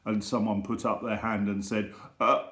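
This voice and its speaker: A man's voice: on the low side, little pitch movement, moderate pace, echoey room. Playful man leading a school assembly. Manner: gentle, playful, teasing. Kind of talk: storytelling and reading jokes to children.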